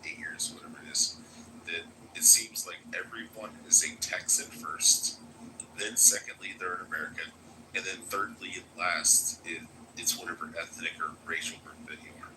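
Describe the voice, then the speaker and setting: A man's voice: low-pitched, steady tone, moderate pace, noisy background. A man from Florida in casual live-stream chat, rambling and swearing with lots of filler words.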